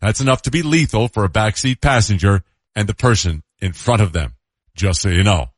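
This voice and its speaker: A man's voice: lowish voice, a little fast, husky, no room sound. A man hosting a radio show, reading out a fact in a matter-of-fact way with a dry aside.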